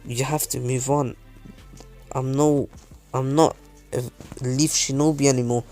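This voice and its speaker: A man doing a quiet, sad teenage ninja. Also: medium pitch, flat delivery, measured pace, soft background music, lightly acted.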